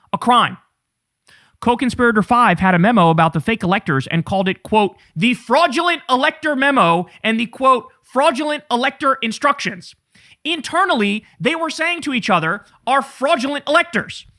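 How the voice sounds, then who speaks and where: A man's voice: high-pitched, fairly bright tone. A man giving emphatic, indignant political commentary straight to his viewers.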